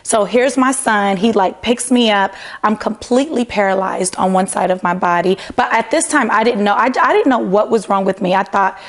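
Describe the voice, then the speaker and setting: A woman's voice: mid-range voice, normal speed, hardly any pauses. Woman, 30s, interview guest recounting personal events, conversational, lots of "like" fillers, mid-range voice. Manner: conversational, frequent "like" fillers, quotes her own past words. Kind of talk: personal storytelling.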